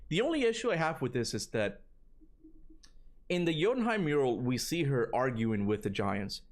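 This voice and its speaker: A man's voice: mid-range voice, sing-song, moderate pace. Casual man reading a theory on stream. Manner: stumbles over reading, breaks into casual asides; says "bro" and "you know" often. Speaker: gaming streamer. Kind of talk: livestream reading a fan theory aloud.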